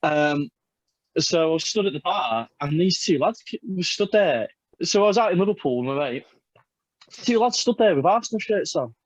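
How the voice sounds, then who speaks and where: A man with an English accent, a wrestler guest on a podcast, telling a story loudly and swearing freely. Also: a little high, lively intonation, normal speed, dry recording, rough recording. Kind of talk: casual podcast chat.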